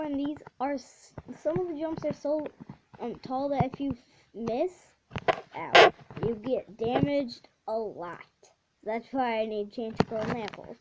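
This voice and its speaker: A woman giving casual gameplay commentary as a channel host, halting and restarting often, then bursting into excited exclamations. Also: on the high side. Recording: dull lo-fi audio with steady background noise.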